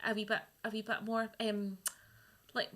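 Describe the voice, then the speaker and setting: A woman's voice: medium pitch, level tone, moderate pace, fairly bright tone. A Scottish woman co-hosting a radio chat show, talking casually and meandering with fillers. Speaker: radio co-host.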